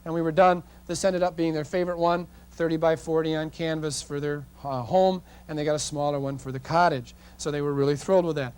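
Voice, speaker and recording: Middle-aged guy running a photo seminar, chatty folksy storyteller, kinda higher voice. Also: fast talker, hardly any pauses, darkish tone. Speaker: portrait photography instructor. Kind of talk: live seminar talk.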